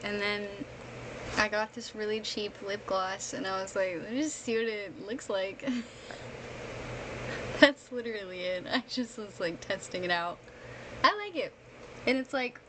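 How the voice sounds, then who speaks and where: A woman's voice: on the high side, unhurried, pauses often. A tired young woman streamer, rambling and laughing as she chats casually with her live viewers after reading a book aloud. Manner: rambling, chatty, laughs often, many fillers. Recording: clear background noise.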